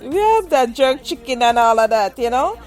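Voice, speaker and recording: A woman's voice: high-pitched, moderate pace, faint music behind, a faint crowd. Chatty Jamaican woman hosting an interview. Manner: laughs often, chatty and animated. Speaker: interview host. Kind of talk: casual interview.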